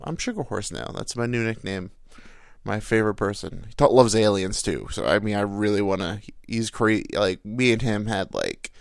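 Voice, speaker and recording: A man's voice: on the low side, gravelly, smooth, no echo. A man hosting a podcast, telling a rambling, self-deprecating comic story on a close mic. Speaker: podcast host. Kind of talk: casual comedic monologue.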